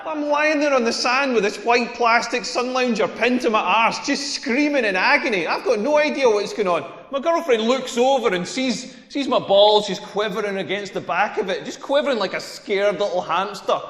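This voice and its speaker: Scottish stand-up comic, crude and self-mocking, high voice, big reverb. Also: male voice, moderate pace, few pauses, a bit bright. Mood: deadpan crude. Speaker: stand-up comedian. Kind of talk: stand-up comedy routine. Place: comedy club stage. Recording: echoey hall with long reverb.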